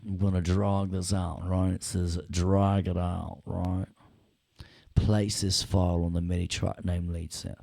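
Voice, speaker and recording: Deep gravelly man teaching casually. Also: level tone, a little slow, mellow, dry recording, clean studio sound. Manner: chatty, jokey, addresses students directly. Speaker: audio production instructor. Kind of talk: casual screen-share software lesson.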